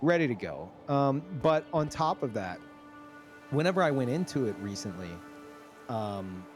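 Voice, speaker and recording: A man's voice: medium pitch, sing-song, moderate pace, faint music behind. A man in his thirties hosting a stream, chatting casually and animatedly, swearing freely. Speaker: streamer host. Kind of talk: casual chat.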